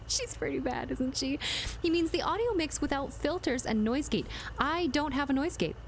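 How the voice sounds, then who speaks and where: A woman's voice: high voice, lively intonation, normal speed, background noise. A woman livestreaming a game from a room at home, chatting playfully and answering her chat as she plays. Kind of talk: casual live-stream chat while gaming. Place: home room with door closed. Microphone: streaming mic with compressor.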